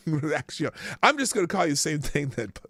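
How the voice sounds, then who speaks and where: Lively, bright-voiced sarcastic male stream host. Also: on the high side, moderate pace, slightly rough, no echo. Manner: sarcastic, mocking, laughs often, swings between loud bursts and mutters. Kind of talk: casual news commentary stream.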